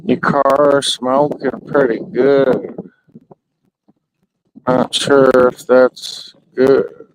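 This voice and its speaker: A man's voice: mid-range voice, flat delivery, very slow, noisy background. A man vlogging casually outdoors in the rain, rambling and swearing loosely to himself and his cat.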